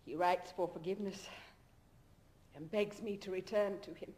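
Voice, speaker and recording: An actress playing an emotional middle-aged aristocratic woman in a 1970s stage drama, swinging between tender coaxing and shrill mockery. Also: fairly even intonation, normal speed, darkish tone, close to an everyday voice. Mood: wistful.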